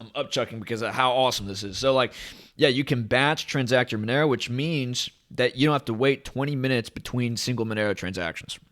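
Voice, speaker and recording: A man's voice: mid-range voice, a little fast, a bit bright. A man hosting his own channel, talking to camera in a rambling, enthusiastic way. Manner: rambling, enthusiastic, hype-driven. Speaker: crypto channel host. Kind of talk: casual to-camera vlog. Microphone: camera at desk.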